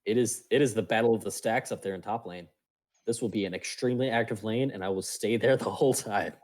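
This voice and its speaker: A man's voice: lowish voice, fast, a little mellow. A man casting an amateur esports match in a casual, playful way, tossing in jokey quips. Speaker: esports caster.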